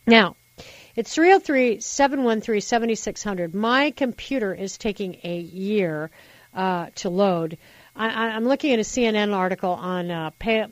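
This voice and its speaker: A woman hosting a call-in radio talk show, giving opinionated advice in an animated way and repeating words for emphasis. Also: fairly high pitch, no echo, lo-fi sound.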